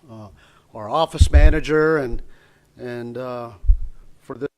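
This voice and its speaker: A man's voice: mid-range voice, slow, a little mellow. A man introducing the next segment at a graduation ceremony, hesitant and full of restarts.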